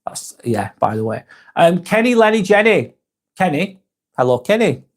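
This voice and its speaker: Northern english guy in his 40s reading chat on a livestream, slightly high voice, rambly and jokey. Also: big pitch swings, normal speed. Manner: rambling and joking, with frequent restarts and laughs. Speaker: live-stream host reading chat comments. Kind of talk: casual live-stream chat.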